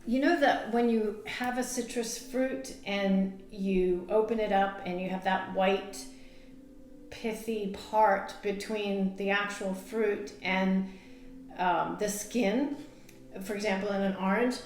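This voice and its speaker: A woman's voice: medium pitch, fairly even intonation, takes it slowly, darkish tone, roomy sound. A woman nutrition coach giving casual on-camera health advice, chatty, with many fillers and laughs at herself. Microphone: camera mic.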